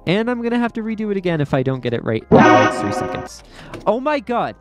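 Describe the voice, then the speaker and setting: A man's voice: high voice, sing-song, fast, music in the background. A young man giving frustrated, exasperated commentary while playing a game, with repeated outbursts and complaints. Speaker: gaming streamer. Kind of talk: raging gameplay commentary.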